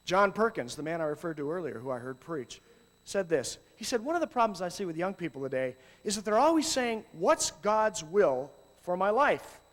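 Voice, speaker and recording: A man preaching to youth workers in an animated way, swinging from loud exclamations to low asides. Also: normal speed, long reverb tail. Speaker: youth ministry speaker. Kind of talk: sermon.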